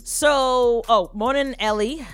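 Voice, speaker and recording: A woman's voice: a little high, slow pace, clear, resonant tone. A woman co-hosting a casual live morning show, chatty and gushing, often laughing. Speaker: co-host.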